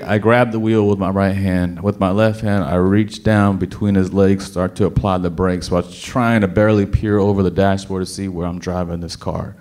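A man telling a personal story to an audience, animated and dramatic, often repeating words as he restarts. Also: sits low, normal speed, few pauses.

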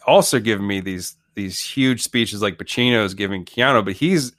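A podcast co-host with a fairly low, fairly bright voice chats jokily about a movie at a moderate pace. He rambles and restarts often, recorded in clean studio sound with no room sound.

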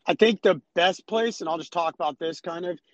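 Young male guest, higher voice, dry close sound, laid-back. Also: fairly quick, dry recording. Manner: relaxed, rambling with fillers. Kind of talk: casual chat. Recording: dry, slightly dull sound.

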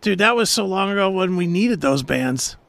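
Male co-host, blunt and profane, animated high voice, dry close mic. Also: moderate pace, creaky, no echo. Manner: blunt, swears freely. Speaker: radio show co-host. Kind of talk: casual chat.

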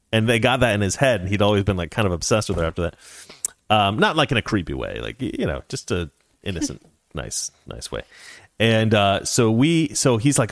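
A man's voice: on the low side, no echo, studio quality. A man telling a casual personal anecdote, acting out the voices of the people in it and chuckling along the way. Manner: animated, acts out quoted voices, chuckles while telling. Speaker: storyteller.

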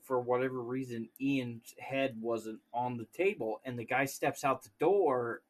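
A man co-hosting a podcast, telling a story in an animated way and swearing freely. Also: medium pitch, measured pace. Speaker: podcast co-host. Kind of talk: casual chat, storytelling.

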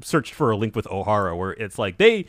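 A man's voice: lowish voice, a little fast, dry recording, clean studio sound. A man co-hosting a podcast, chatting casually about a manga, laughing easily and using plenty of fillers. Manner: animated, laughs a lot, lots of fillers. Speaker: podcast co-host. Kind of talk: casual chat recapping a manga.

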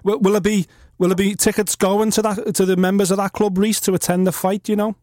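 Mellow-voiced male radio co-host. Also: high-pitched, flat delivery, fairly quick, no echo, clean studio sound. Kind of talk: casual interview questions.

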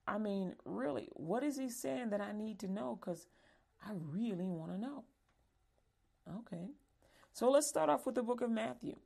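A woman teaching a Bible lesson to young people, lively and acting out calls and warnings. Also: fairly high pitch, moderate pace, vocal fry.

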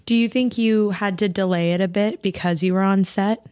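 A woman hosting a podcast, asking short gentle questions and quietly encouraging her guest. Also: mid-range voice, fairly even intonation, normal speed, dry recording, clean studio sound. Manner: quiet, supportive listener. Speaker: podcast host. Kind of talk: interview questions and backchannel.

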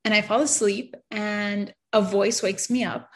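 A woman shares her faith testimony earnestly and with emotion, her medium-pitched voice holding a steady tone. At times she halts and stammers, and she often drops to a soft, quiet voice.

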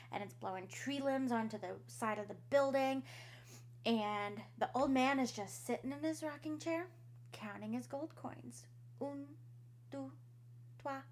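A woman, her voice sitting a little high, relaxed and chatty as she tells a creepy tale on her podcast. She drops in a swear word here and there and slips into the characters' voices for their lines. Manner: laughs often, swears casually, acts out quotes. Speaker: podcast co-host. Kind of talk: casual storytelling chat.

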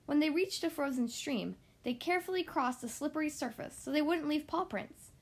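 A woman reading a children's storybook aloud in a gentle, expressive manner. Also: high-pitched, normal speed.

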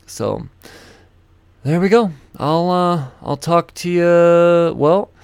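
A man's voice: on the high side, lively intonation, slow, vocal fry, darkish tone, smooth, no echo. A man hosting a podcast, rambling through a loose, profane outro full of plugs. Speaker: podcast host.

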